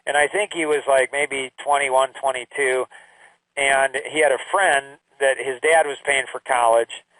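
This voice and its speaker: A man's voice: mid-range voice, steady tone, unhurried, bright, forceful tone, no room sound, low-quality recording. A middle-aged man telling parenting stories in a casual, conversational way, repeating phrases and acting out quotes. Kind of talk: casual storytelling talk.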